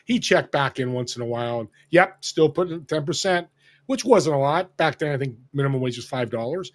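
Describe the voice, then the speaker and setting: Animated older man telling stories. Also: fairly high pitch, normal speed. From Northern California. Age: 60s. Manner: animated, acts out quoted dialogue. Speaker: guest. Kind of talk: casual storytelling.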